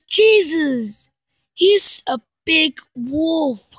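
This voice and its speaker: A woman giving casual, excitable commentary while playing an online game, exclaiming and laughing. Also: very high-pitched, drawn-out words, no echo, clean studio sound. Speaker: gamer.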